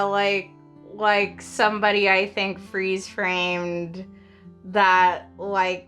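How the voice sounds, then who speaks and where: A woman's voice: medium pitch, bright, forceful tone. A woman hosting a crafting channel, chatting casually and rambling with lots of fillers and frequent giggles. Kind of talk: casual show-and-tell chat.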